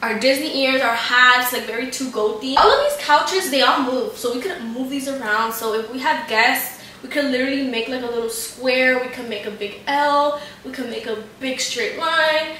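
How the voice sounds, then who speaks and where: A woman's voice: high voice, normal speed, hardly any pauses, sharp tone, recorded from a distance, a little hiss or hum. A young woman chatting casually to camera as she gives a tour of her home, gushing and saying "like" a lot. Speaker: vlogger giving a house tour. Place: living room of a home, indoors. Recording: echoey room, voice off-mic.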